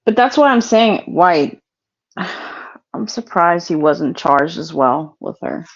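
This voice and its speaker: A woman joining a casual livestream chat as a guest, playful and quick to giggle. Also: fairly low pitch, expressive. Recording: dull, lo-fi remote audio.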